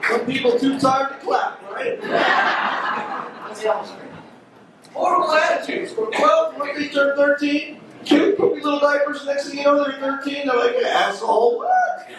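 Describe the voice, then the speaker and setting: A brash man performs a stand-up set and calls out to the crowd between rapid punchlines. His voice sits very high for a man. The sound is roomy and distant, with a clear hiss of noise behind it. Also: little pitch movement. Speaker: stand-up comedian. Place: comedy club stage. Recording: echoey club recorded from a distance. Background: audience laughter.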